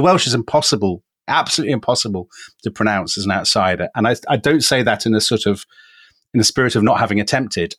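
Recorded dry and at studio quality, a man from England chats casually on a history podcast. His mid-range voice is a bit bright, and he narrates enthusiastically, chuckling a lot and using his co-host's name.

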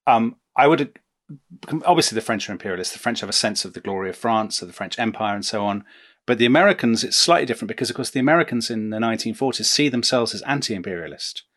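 A man's voice: lowish voice, lively intonation, quick pace, fairly bright tone. Man steering a history discussion. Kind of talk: conversational podcast discussion.

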